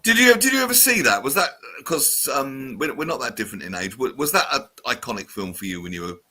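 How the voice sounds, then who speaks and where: A man in his fifties from the south of England hosting a radio show, chatting in an animated way and reading out listener messages. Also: mid-range voice, fast talker. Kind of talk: casual radio chat.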